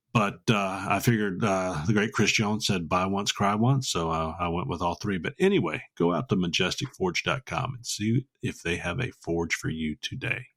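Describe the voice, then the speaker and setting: A man's voice: low voice, fairly bright tone. A man hosting a casual podcast, rambling and joking between ad plugs. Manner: rambling, jokey, reads ad plugs. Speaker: podcast host.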